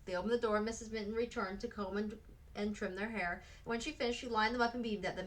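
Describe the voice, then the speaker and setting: A woman reading a children's novel aloud, with steady, expressive storybook delivery and small slips now and then. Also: mid-range voice, quick pace, poor audio.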